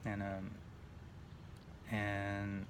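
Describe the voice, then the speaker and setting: A man's voice: on the low side, monotone, extremely slow. A man, rambling through a profane personal story in a casual monologue, full of "like" and restarts. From Northern California. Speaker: vlogger telling personal stories. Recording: distant mic with faint background noise.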